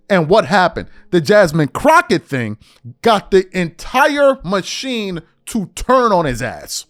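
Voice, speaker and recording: A man's voice: high-pitched, big pitch swings, moderate pace, dry recording, studio quality. A middle-aged man hosting a political commentary monologue, incredulous and full of rhetorical questions.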